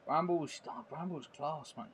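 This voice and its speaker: A man's voice: a little high, moderate pace, noisy background. Chatty man streaming a game. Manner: rambling, chatty, full of tag questions. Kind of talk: casual chat while live-streaming a football video game.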